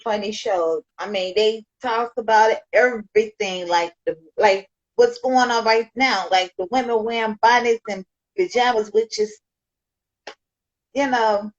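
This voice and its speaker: Casting: podcast host woman, enthusiastic and admiring, fairly high voice, lo-fi sound. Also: unhurried. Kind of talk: casual interview chat. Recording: dull lo-fi audio.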